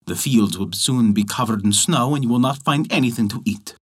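Man doing a greedy rich master, coaxing, indignant, slightly husky. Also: medium pitch, fairly quick, lightly acted. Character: rich garden master, proud and grasping.

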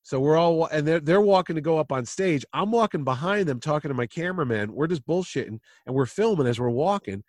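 Lively storytelling man, dry sound. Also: a little high, quick pace, hardly any pauses, dry recording. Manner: animated anecdote teller who acts out voices. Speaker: podcast host. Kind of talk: casual chat.

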